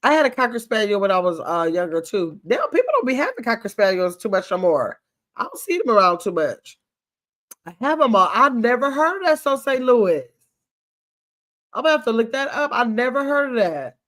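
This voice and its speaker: Older woman in AAVE, livestream host, reads chat comments, gets excited, loose and chatty. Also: a little high, a little fast. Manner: chatty, animated, Southern US dialect grammar.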